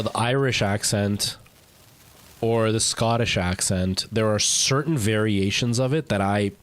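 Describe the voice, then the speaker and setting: A man streaming a game live, chatting casually with viewers in a rambling, talkative way. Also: on the low side. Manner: rambling, chatty, answering chat.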